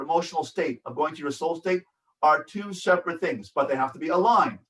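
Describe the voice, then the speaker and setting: A man's voice: a little high, fairly bright tone, distant mic, rough recording. A man, a rabbi, teaching a workshop in an earnest, repetitive way and acting out examples. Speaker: rabbi and family educator. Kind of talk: workshop lecture.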